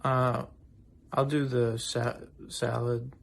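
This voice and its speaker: A man playing a hesitant, unsure customer who talks quietly and falters. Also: medium pitch, level tone, slow pace, creaky. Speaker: restaurant customer in a comedy sketch.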